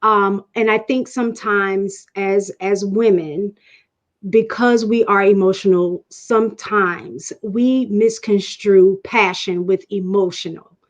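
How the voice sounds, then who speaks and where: A woman guest on a panel, explaining her views in a measured, reasoning way with frequent restarts. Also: mid-range voice, steady tone. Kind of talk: explanatory casual talk.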